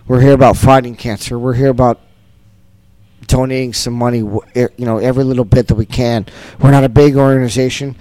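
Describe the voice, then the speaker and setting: Earnest, impassioned man with a mellow voice. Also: mid-range voice, fairly even intonation, brisk, no room sound. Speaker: concert producer. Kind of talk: festival interview.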